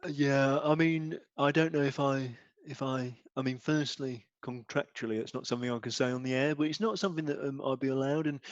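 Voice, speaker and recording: A soft-spoken man hosts a comedy bit, hesitant and full of ums. The recording is dry, with a dull lo-fi sound. His voice sits at an ordinary male pitch. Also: steady tone, brisk, few pauses, no echo. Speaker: radio host character. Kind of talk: improvised comedy sketch.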